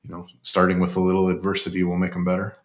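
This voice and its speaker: A man co-hosting a casual sports podcast, talking in a relaxed way with frequent restarts. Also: low-pitched, fast talker. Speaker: podcast co-host.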